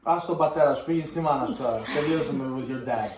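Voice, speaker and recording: A man's voice: on the high side, racing, darkish tone, echoey room, slight background noise. A middle-aged man from Greece with a Greek accent, a father teasing and interrupting his daughter. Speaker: father heckling from off to the side.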